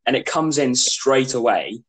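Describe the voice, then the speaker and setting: Young man, podcast guest, hesitant, rambling, mid pitch. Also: lively intonation, unhurried, fairly bright tone, low-quality recording. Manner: rambling and hesitant, heavy use of "like". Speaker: podcast guest, skater and drummer. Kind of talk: casual chat.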